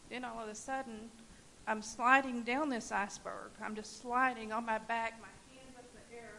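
A woman giving a personal testimony at a church service, telling her story in an animated way and laughing at times. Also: fairly high pitch, moderate pace, gravelly, rough recording. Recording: faint hiss.

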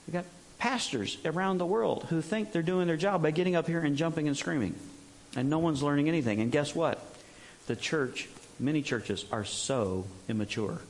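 Middle-aged guy preaching like he's just chatting, kinda high voice, jokey, does big over-the-top impressions now and then. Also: normal speed. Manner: conversational, jokey, mimics others in exaggerated bursts. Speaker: pastor. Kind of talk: sermon.

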